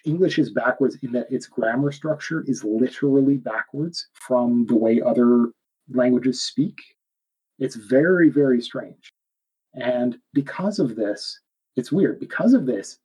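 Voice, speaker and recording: A man's voice: mid-range voice, mellow, breathy edge, poor audio. A man with a Canadian accent chatting casually, rambling and correcting himself as he goes. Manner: rambling, self-correcting, laughs often. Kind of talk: casual chat.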